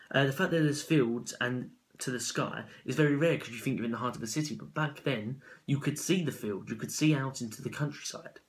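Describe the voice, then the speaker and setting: A man giving an unscripted spoken analysis of a poem as a student, halting and correcting himself as he goes. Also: medium pitch, poor audio. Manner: halting, with self-corrections and fillers.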